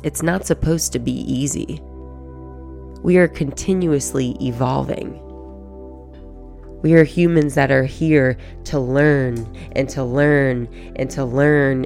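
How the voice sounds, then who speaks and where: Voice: mid-range voice, vocal fry, darkish tone. A podcast host giving a casual, profane motivational monologue and acting out everyday inner thoughts.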